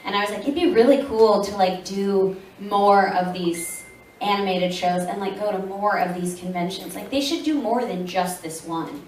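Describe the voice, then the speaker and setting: Mid-range in pitch and at a normal speed, a woman in her thirties chats through a casual Q&A at a convention panel, where she works as a voice actress answering fans. She laughs often and acts out quoted dialogue as she tells her stories. Filmed by an audience camera from the seats, the large room sounds echoey and far off, with a little hiss or hum.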